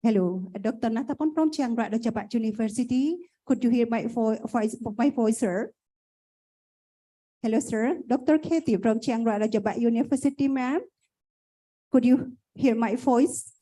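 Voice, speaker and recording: A woman's voice: on the high side, normal speed, mellow, low-quality recording. A woman, moderating an academic conference in a polite, formal way with many fillers. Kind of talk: hosting an online academic conference.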